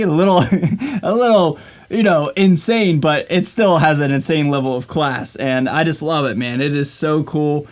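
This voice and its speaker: Guy vlogging from his usual spot at home, kinda high voice, upbeat, says man and like a lot. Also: moderate pace. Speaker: vlogger and guitarist. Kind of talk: casual vlog talk to camera.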